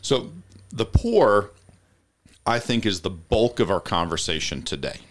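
A man's voice: on the low side, big pitch swings, measured pace. A man hosting a podcast in casual discussion, methodically insisting on defining terms and laughing easily. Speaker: podcast host. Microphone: headphones with studio mic.

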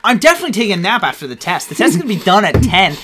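A man's voice: sits high, big pitch swings, very fast, sharp tone, a little hiss or hum. A sleep-deprived young man co-hosting a podcast in casual late-night chat, rambling and giggly with self-mocking jokes. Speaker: podcast co-host.

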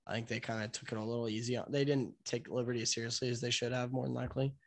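A man's voice: medium pitch, little pitch movement, very fast. A man co-hosting a casual sports podcast, giving opinionated takes on games and stats in a loose, chatty way. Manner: chatty, opinionated, loses his train of thought. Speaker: podcast co-host. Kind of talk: casual sports betting chat.

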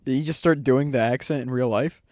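Man tossing in quick dry quips. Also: medium pitch, a little mellow, no room sound. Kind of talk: casual chat.

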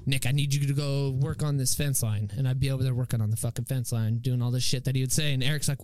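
A young man co-hosting a podcast talks quickly with hardly any pauses, his voice medium-pitched and free of echo. He tells a story casually and animatedly, swearing a lot and acting out the quotes.

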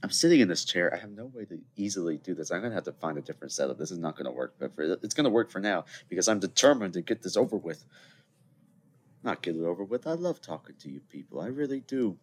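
A man's voice: sits low, animated, fast talker, a little hiss or hum. A man in his twenties hosting a solo podcast, rambling chattily with joking asides to his listeners. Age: 20s. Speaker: podcast host. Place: seated at a computer indoors.

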